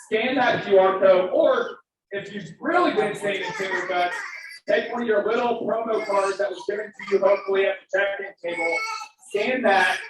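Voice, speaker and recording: A high-voiced man speaking at normal speed makes an emphatic, fervent plea for donations at a live event, breaking into emotion along the way. Recorded far off in a very echoey hall, the clip has a faint layer of noise.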